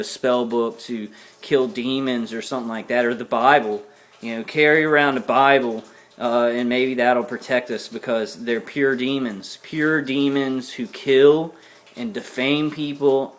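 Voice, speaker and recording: A man's voice: medium pitch, a bit bright. A worn-out man ranting angrily to camera in a vlog, repeating himself and cussing. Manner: agitated, repetitive, cussing, ranting. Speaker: vlogger. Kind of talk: angry personal rant to camera.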